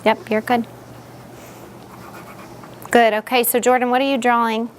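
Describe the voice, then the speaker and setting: Brief: patient classroom teacher, woman, slightly high voice, quizzes kids step by step, faint room hiss. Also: level tone, unhurried. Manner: patient, prompting with questions.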